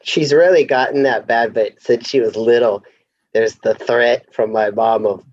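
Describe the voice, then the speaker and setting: A man co-hosting a casual podcast, animated and quick to laugh, telling stories about his daughter. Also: mid-range voice, no room sound, dull audio. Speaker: podcast co-host. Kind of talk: casual chat.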